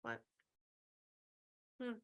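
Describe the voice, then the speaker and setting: A woman's voice: very slow, fairly bright tone. A woman, a spiritual medium chatting through a reading and relaying messages with lots of quoted asides. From Texas. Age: 60s.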